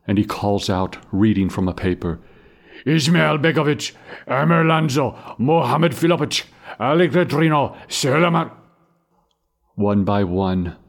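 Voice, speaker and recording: A man narrates a grim story in a grave, measured reading. His voice sits very low, and he takes his time over every phrase. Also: breathy edge.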